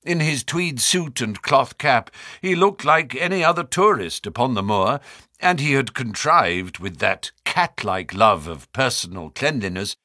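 A man reading an audiobook novel as narrator, in a measured storytelling way. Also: on the low side, pushed and bright, no room sound, clean studio sound. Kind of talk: scripted narration.

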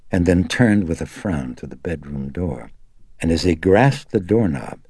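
Very deep, gravelly male narrator. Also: darkish tone, no echo, clean studio sound. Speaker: audiobook narrator. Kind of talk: scripted horror narration.

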